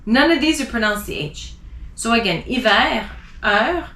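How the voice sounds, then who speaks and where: Bright-voiced woman teaching French letters. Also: fairly high pitch, animated, roomy sound. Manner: slow, careful, spells out letters and repeats example words. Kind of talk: spelling and pronunciation lesson.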